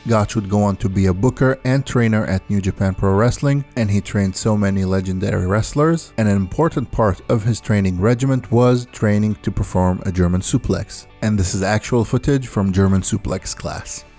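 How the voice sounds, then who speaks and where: A man giving a scripted video-essay narration as the host, counting down a list in a steady delivery over faint background music. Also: fairly low pitch, normal speed, few pauses. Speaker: anime and wrestling video host.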